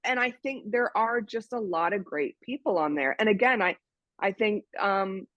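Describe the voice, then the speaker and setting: A woman's voice: mid-range voice, moderate pace, dry recording. An American woman chatting casually as an interview guest, telling stories with many restarts over a video call. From United States. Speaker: guest, dating site member. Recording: dull, dry lo-fi sound.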